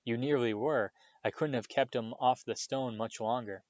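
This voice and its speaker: A brave young boy wizard blurts out in high, urgent bursts, as a man reading aloud voices him. The sound is dull and dry. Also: normal speed, a little mellow, no echo, natural voice. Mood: earnest. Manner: urgent, high-pitched outbursts.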